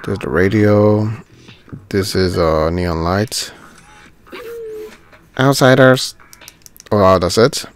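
A man's voice: fairly low pitch, slow pace, pauses often, faint music behind. A man giving casual commentary while playing a video game, thinking aloud and easily delighted by small things. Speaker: gaming channel host.

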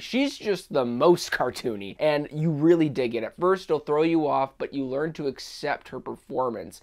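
A young man giving a casual, opinionated spoken film review, enthusiastic and often restarting his sentences. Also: medium pitch. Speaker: movie reviewer.

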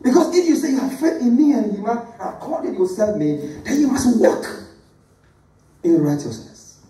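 Lively, emphatic preacher man. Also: very high voice, moderate pace. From Ghana. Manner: emphatic preaching with repetition, calls on congregation to read aloud. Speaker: pastor. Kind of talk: sermon. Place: church sanctuary. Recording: echoey church from a distant mic.

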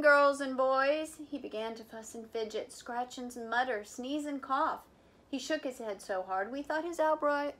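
A woman volunteer reading a picture book aloud for children in an animated, playful way, with chatty asides about the pictures. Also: high-pitched. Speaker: volunteer reader.

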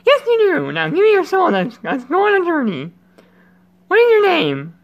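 A man voicing a perky, playful anime heroine girl in a squeaky falsetto. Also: huge pitch swings, normal speed, lo-fi sound, exaggerated voice. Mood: teasing.

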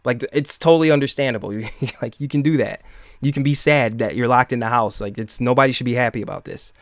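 A man's voice: mid-range voice, quick pace, no room sound. A man with a Michigan accent hosting a casual live-stream monologue, rambling and sarcastic, full of fillers and restarts. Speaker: podcast host.

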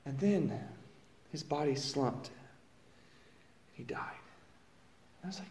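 A man's voice: high voice, sing-song, a little slow, pauses often. Man telling a dramatic first-person sermon. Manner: storytelling, swings from hushed to loud exclamations. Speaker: pastor. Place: church sanctuary. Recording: roomy echo.

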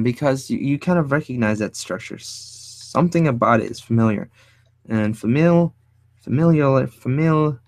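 A man teaching design while he draws, thinking aloud in a casual, rambling way, often hunting for the right word and sometimes speaking low. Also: dry recording. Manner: speaks fairly low and quiet at times. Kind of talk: casual drawing tutorial talk.

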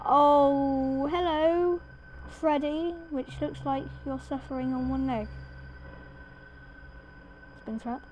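High-voiced woman panicking through a horror game. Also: takes it slowly, pauses often, a little hiss or hum. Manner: panicky, excitable, shrieks and mutters to herself. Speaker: gaming video creator. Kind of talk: let's play commentary.

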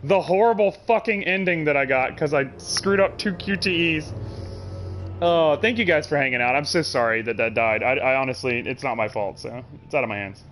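A man streaming a game live, chatting in an animated, joking and profane way. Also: mid-range voice, moderate pace, faint music behind. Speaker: gaming streamer. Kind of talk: casual live-stream commentary.

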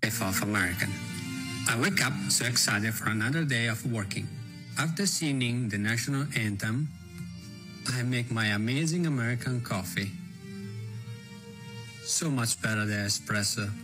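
A man doing a deadpan guy who mocks the American grind in broken English, his voice sitting at an ordinary middle pitch. He speaks a comedic skit voice-over, and clear music plays under him. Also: normal speed, pauses often, close to an everyday voice. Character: Italian man mocking American work life.

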